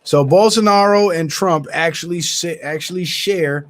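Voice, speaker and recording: A man's voice: fairly high pitch, moderate pace. A man hosting his own channel, reading news reports aloud, stumbling over words and breaking off with indignant comments of his own. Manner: stumbles and restarts words while reading, adds indignant asides. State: yawning, tired. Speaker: channel host.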